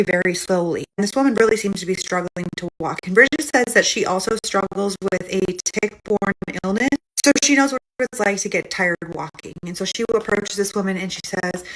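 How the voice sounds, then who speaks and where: A woman's voice: mid-range voice, fairly bright tone, rough recording. A woman hosting and casually retelling a reader's story. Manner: casual, chatty, quick delivery. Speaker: host.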